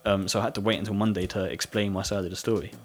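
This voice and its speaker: Young British man, husky and low-pitched, rambling casual storyteller, soft music in the background. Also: fairly even intonation, racing. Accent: British English. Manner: rambling storytelling with frequent "like" fillers, laughing often. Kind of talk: casual chat.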